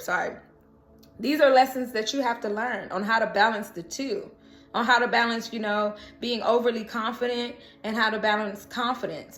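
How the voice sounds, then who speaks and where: A woman's voice: a little high, fairly bright tone, roomy sound. A woman giving a casual, chatty tarot reading, encouraging and laughing often as she talks. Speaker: tarot reader.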